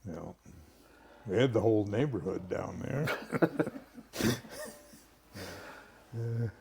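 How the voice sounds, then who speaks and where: Older guy, gravelly voice, slow easy storytelling, clears his throat a lot. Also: fairly low pitch, warm tone. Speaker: family friend. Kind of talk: casual storytelling.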